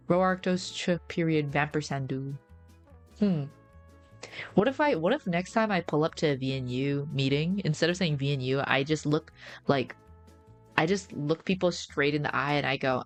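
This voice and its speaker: A woman's voice: sits low, lively intonation, moderate pace, soft background music. A young woman streamer chatting casually to her viewers in a playful, rambling way.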